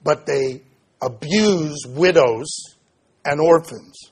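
A male pastor with a slightly high, husky voice preaches a sermon. He reads scripture passages aloud and then unpacks them in a conversational way, with pauses and filler words. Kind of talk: expository sermon.

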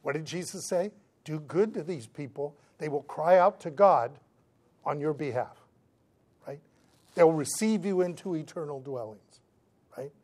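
A man preaching a sermon to his congregation, who often checks in with the listeners and breaks into lively voices for the people in the story. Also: a little high, a little slow, long pauses. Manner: animated preaching, acts out the voices of the figures in the story; checks in with the listeners, asking "right?" again and again. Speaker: pastor.

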